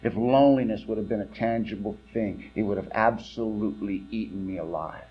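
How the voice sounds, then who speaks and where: A man's voice: fairly low pitch, fairly quick, dull audio. Man sharing a blunt recovery story. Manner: blunt, storytelling, swings between quiet and loud. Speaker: recovery meeting speaker. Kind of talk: personal testimony talk.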